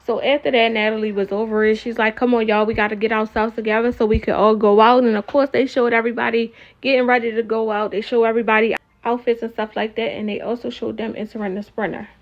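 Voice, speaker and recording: A woman casually recapping a reality show, animated and opinionated, talking straight to her viewers. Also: on the high side, fast talker, hardly any pauses, lo-fi sound.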